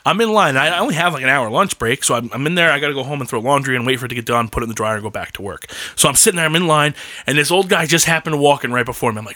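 A man in casual chat, spinning profane stories with a lot of swing in his pitch. He laughs often and acts out the people he describes. The sound is bright and the room is dry. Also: rapid-fire, few pauses, no echo. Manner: animated storytelling, laughs often, mimics people.

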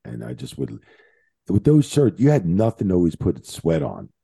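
A man with a low, gravelly voice and a dark, husky tone tells wrestling road stories on a podcast. His pitch swings widely as he works through profane, animated anecdotes. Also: moderate pace, no room sound. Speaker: guest, veteran wrestling referee. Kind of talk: casual podcast storytelling.

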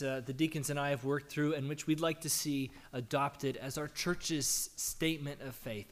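A pastor giving a conversational sermon, his voice hoarse from a cold, posing questions and answering them. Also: a little high.

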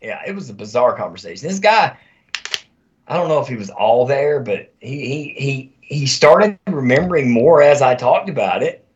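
A man who is an army veteran, telling stories as a guest in a casual conversation, animated and profane, on a dull lo-fi recording. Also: medium pitch, normal speed.

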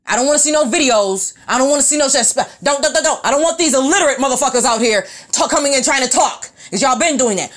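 A woman, ranting bluntly and profanely in an animated, opinionated monologue. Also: sits high, quick pace, hardly any pauses.

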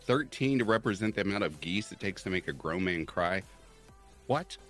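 An American man with a very deep voice talks in a lively, swinging way, joking with the group. Faint music sits behind him. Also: normal speed. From United States. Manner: animated, joking. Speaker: guest. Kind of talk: casual chat.

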